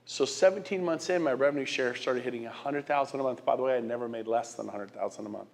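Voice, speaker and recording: A man's voice: mid-range voice, quick pace, creaky. Emphatic middle-aged male motivational speaker. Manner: emphatic, rhetorical questions to the crowd; repeats and restarts words. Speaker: guest speaker. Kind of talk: motivational speech to an audience.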